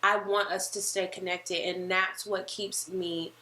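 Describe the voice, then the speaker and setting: A woman chats casually on a podcast with a bright voice. She tells stories in a lively way and acts out what people said. The room gives her voice a noticeable echo. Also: lowish voice, a little slow. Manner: animated storyteller who acts out quoted lines. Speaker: podcast co-host. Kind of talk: casual chat. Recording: roomy echo.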